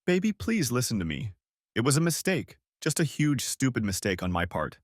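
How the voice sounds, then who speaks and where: A man's voice: mid-range voice, sing-song, moderate pace, dry recording, studio quality. A man voicing a desperate, unfaithful young wife who begs her husband over the phone. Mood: pleading. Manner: desperate, begging.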